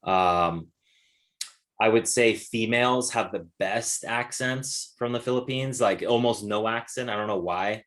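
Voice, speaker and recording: A man hosting a casual webinar over a video call, answering questions in a relaxed, encouraging way with lots of "like" fillers. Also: fairly low pitch, measured pace. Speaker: webinar host and course instructor. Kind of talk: casual Q&A chat.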